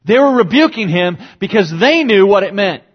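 In dull-sounding audio, a pastor with a husky voice works through a passage verse by verse at normal speed. His pitch swings widely, and he dynamically acts out quoted cries with sudden rises in his voice.

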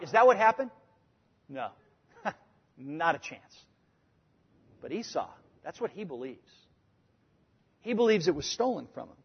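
High, husky male preacher in a hall. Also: lively intonation, normal speed, pauses often, lo-fi sound. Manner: emphatic, conversational, switching between loud points and quiet asides. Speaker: pastor. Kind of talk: sermon.

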